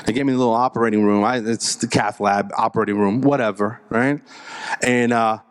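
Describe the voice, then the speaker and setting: A middle-aged man tells a comic story on stage in a stand-up style, with an animated delivery. He acts out both sides of the conversations as he goes, and his voice sits at an ordinary middle pitch. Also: brisk, smooth. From Puerto Rico heritage. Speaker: comedian and speaker at a dental event.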